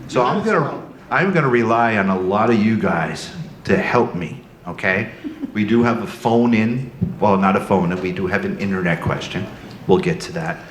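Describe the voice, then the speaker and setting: On a convention hall stage, a man with a lowish voice moderates a live panel at a moderate pace. He sounds nervous and gushing, laughing often, and the roomy hall carries background noise.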